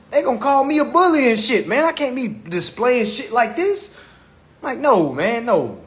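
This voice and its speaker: A man's voice: very high-pitched, very animated, a little slow, fairly bright tone. A man hosting a livestream on his phone, lecturing in a profane, mocking way and repeating himself. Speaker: livestream host. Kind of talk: casual livestream rant.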